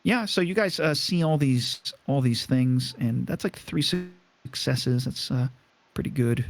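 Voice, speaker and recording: A man's voice: mid-range voice, expressive, measured pace. A man running a tabletop game as game master, narrating in a rambling way with many fillers.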